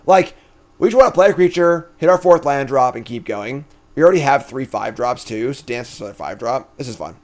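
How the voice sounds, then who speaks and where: Animated male card-game streamer. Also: mid-range voice, a little fast. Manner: chatty, thinks aloud, animated swings in energy. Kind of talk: casual gameplay commentary.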